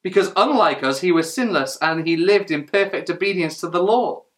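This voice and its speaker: A man's voice: sits high, normal speed. A man preaching a sermon in church, earnest and emphatic, asking rhetorical questions as he reads and explains scripture.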